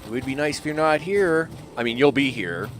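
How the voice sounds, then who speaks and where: Over loud game audio with ambience and vehicles in the background, a streamer chats with the animals in his game and grumbles at his poor luck while commenting live. He has a medium pitch and an expressive delivery, speaking fairly quickly.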